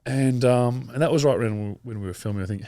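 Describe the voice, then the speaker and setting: An Australian man in his thirties, chatting as a podcast guest in a relaxed, rambling way with frequent laughs. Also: medium pitch, quick pace, dry recording, studio quality. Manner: laid-back, rambling, laughs often. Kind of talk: casual interview chat.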